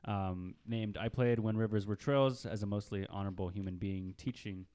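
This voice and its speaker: A man hosts a casual podcast in a fairly low voice. He talks in an easygoing, halting way, with plenty of fillers and small laughs as he chats with his guest. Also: fairly even intonation, dark tone, clean tone. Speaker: podcast host. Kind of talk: casual interview chat. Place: small room, mics close.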